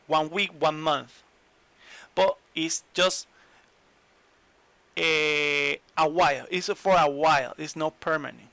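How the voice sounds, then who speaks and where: A man teaching in an online lesson, English, explaining slowly and repeating examples. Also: on the high side, bright, forceful tone, clear, resonant tone, dry recording. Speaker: Spanish teacher.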